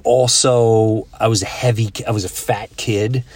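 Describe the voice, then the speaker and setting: A middle-aged man hosting a podcast, chatting casually and telling stories with halting restarts. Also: lowish voice, steady tone, darkish tone, breathy edge. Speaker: podcast host. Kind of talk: casual chat.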